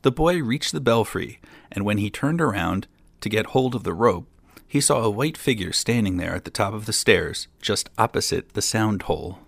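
A man narrating a fairy tale in a measured way, with dry amused asides. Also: lowish voice, lively intonation, creaky, no room sound. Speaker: storyteller.

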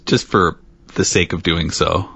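A man's voice: low-pitched, fairly even intonation, measured pace, creaky. A man hosting a podcast in casual chat, playful and laughing often as he leads the topic. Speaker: podcast host. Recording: dry, slightly dull lo-fi sound.

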